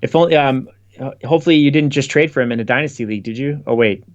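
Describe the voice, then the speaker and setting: A man with an ordinary mid-pitched voice, co-hosting a casual sports stream. He talks fast and loosely and drops dry, sarcastic jokes between points. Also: highs cut off. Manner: quick, wry, sarcastic asides. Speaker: podcast co-host. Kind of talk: casual live-stream chat.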